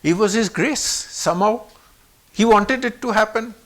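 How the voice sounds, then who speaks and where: A man in his seventies, originally from Pakistan, recounting personal memories in an animated way, changing his pitch and volume to act out what other people said. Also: normal speed. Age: 70s. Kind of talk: personal storytelling.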